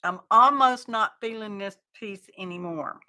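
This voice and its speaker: A woman chats through a craft livestream, thinking out loud as she works. Her voice is bright and clear, and she takes her time, drawling through relaxed, folksy asides. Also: mid-range voice, measured pace. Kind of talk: casual craft livestream chat.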